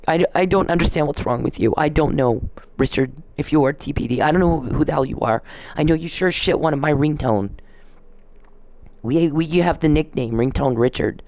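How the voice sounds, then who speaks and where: A woman's voice: low-pitched, moderate pace, darkish tone. A woman vlogging in a rambling, indignant to-camera rant, swearing freely.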